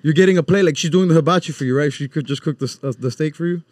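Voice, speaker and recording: Fast-talking teasing podcast host man. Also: a little high, a little mellow, dry recording. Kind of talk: casual chat.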